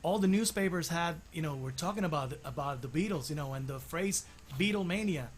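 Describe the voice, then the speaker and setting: High-voiced bilingual guy, chatty. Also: animated, a little fast, slight background noise. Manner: enthusiastic, laid-back, switches between English and Spanish. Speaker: co-host of a music talk show. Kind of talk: casual bilingual chat.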